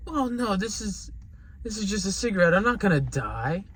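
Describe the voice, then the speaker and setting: A man putting on a father comforting his crying daughter, his voice raised a little in pitch and gentle. He sounds soothing but dismissive of her fears. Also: very animated, moderate pace, a little hiss or hum. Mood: reassuring.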